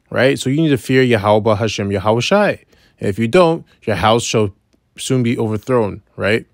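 Bible teacher, male, lowish voice, casual explaining with constant "right?", dry close recording. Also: animated, dry recording. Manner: reads verses slowly, then explains with repeated "right?". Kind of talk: informal scripture lesson.

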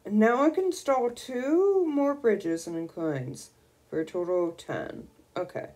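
A young woman streaming a video game, gushing and excitable as she squeals over new items. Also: mid-range voice, measured pace. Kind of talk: casual gameplay commentary.

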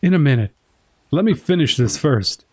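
A gamer voicing a grumpy, sarcastic drunk knight who talks gruffly and slurs. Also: mid-range voice, lively intonation, moderate pace, no echo, natural voice.

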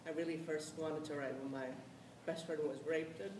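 A middle-aged playwright from the South Bronx, New York, tells candid stories on a discussion panel in a theatre or auditorium, blunt and animated, swearing freely and laughing often. Her voice sits low at a normal speed. The noisy recording, made with a distant mic, echoes through the hall.

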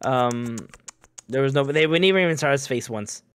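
A man co-hosting a casual gaming podcast, relaxed and quick to agree, swearing casually and chuckling. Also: medium pitch, smooth. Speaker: podcast co-host.

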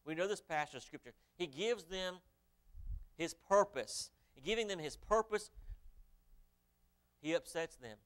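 A man preaches from the pulpit in a voice pitched a little high and notably smooth and resonant. He reads scripture aloud in old-fashioned wording and keeps asking his congregation rhetorical questions. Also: expressive, measured pace, long pauses, fairly bright tone. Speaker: pastor. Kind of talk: sermon.

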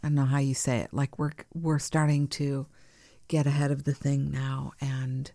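A woman hosting a spiritual podcast in a soft, nurturing way, laughing easily and sometimes dropping to a whisper. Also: rumbling low, level tone, moderate pace, vocal fry, no echo, clean studio sound. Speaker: podcast host. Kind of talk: gentle spiritual podcast chat.

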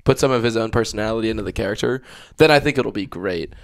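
A man's voice: lowish voice, quick pace, vocal fry. Easygoing young man, podcast guest. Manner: easygoing, agreeable. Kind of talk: casual chat.

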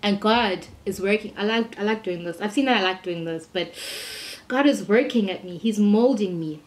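A young woman, talking casually to camera in a lively, exclamatory way as she encourages her viewers with a Bible story. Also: medium pitch, normal speed. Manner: lively, exclamatory, preachy and upbeat. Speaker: Christian vlogger.

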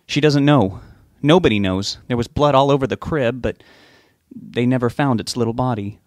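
A frightened, tearful mother pleads down the phone line, as a male narrator raises his voice for her. Her voice rides higher than his usual reading, strained and urgent. The recording is close and dry. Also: moderate pace, darkish tone, no echo, close to an everyday voice. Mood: distressed. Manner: distressed, pleading, near tears. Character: worried tearful middle-aged mother on the phone.

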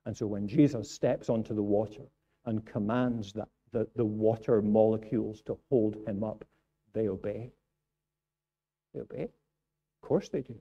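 A man's voice: fairly low pitch, dull audio. Male pastor preaching earnestly. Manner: earnest preaching, repeats phrases for emphasis. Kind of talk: sermon. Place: church.

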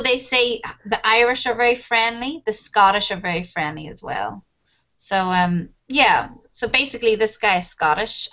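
A woman with a sharp-toned, somewhat high voice teaches an online English class, chatting casually about TV shows and laughing often. She calls her students "guys," and the recording is muffled.

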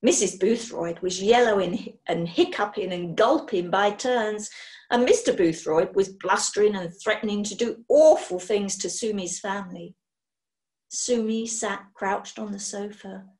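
A woman reading a children's story aloud in an expressive, animated way. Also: mid-range voice. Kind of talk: children's book read-aloud.

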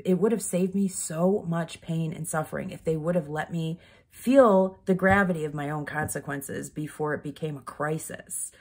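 A husky, darkish, fairly low-pitched voice belongs to a mother sharing her feelings in a candid vlog. Her talk wanders, is full of "like" fillers, and is so heartfelt and emotional she's near tears.

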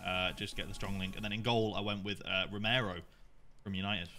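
A man's voice: on the low side, fairly even intonation, fairly quick, pushed and bright, soft background music. A man casually talking through his team and match as a guest player, laid-back and full of fillers. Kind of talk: casual gaming chat.

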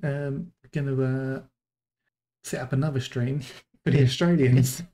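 A man's voice: mid-range voice, steady tone, unhurried, dark tone. A man hosting a casual live stream of a horror game, laid-back and jokey, chuckling often. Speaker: streamer host.

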